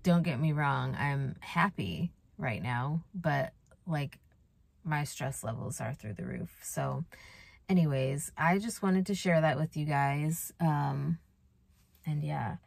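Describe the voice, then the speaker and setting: Young woman vlogger, low voice, worried and rambling, close dry sound. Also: animated, takes it slowly, vocal fry, darkish tone, husky, no echo. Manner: worried, rambling, many fillers and restarts. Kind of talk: casual confessional vlog.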